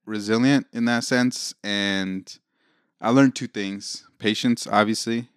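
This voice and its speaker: A man's voice: fairly low pitch, fairly even intonation, slow pace, clean tone, no echo, studio quality. A man on a podcast, chatting casually and telling personal stories, acting out the lines of the people in them. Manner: storytelling, acts out quoted lines. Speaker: podcast guest. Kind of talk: casual chat.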